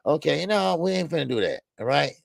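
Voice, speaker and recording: An older man in a casual boxing call-in show, speaking in a Black with a heavily gravelly, fry-laden voice that sits a little higher than most men's. He rambles loosely and profanely, stacking stammered fillers and chuckling at his own jokes. The sound is dry and close, with no room around it. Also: sing-song, brisk, no echo.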